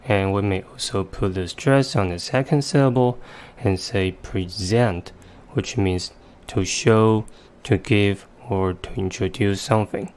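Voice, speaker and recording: A male English vocabulary teacher with a low, smooth, slightly mellow voice narrates a scripted lesson. He explains carefully and methodically, pronouncing example words slowly to demonstrate them.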